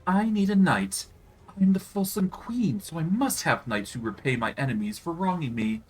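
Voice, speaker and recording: A man's voice: a little high, big pitch swings, moderate pace, slightly rough, soft background music, voice pushed up, poor audio. A man voicing a vain, petulant female demon queen in a video game, whiny and clumsily flirtatious. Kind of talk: reading game dialogue aloud on stream.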